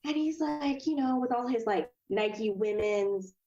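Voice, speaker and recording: Animated woman telling her story. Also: fairly high pitch, measured pace, dull audio, a crowd in the background. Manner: animated, acts out quoted voices, laughs often. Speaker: podcast guest. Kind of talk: casual storytelling interview.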